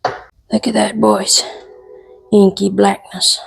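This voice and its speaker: A woman hosting a casual cooking tutorial, playful and joking with her viewers, sometimes dropping to a soft whisper. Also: mid-range voice, steady tone, measured pace, faint music behind. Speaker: cooking vlogger.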